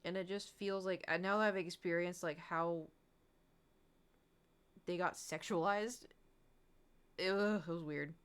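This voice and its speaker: A woman's voice: fairly low pitch, fairly even intonation, measured pace, pauses often, clear, resonant tone. A woman livestreamer in casual, rambling chat, candid and swearing freely with frequent laughs.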